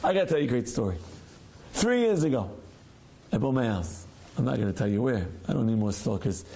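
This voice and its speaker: A man, a rabbi, giving a Torah class as a lively storyteller who acts out the voices of people in his stories. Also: mid-range voice, a little fast, gravelly, a crowd in the background.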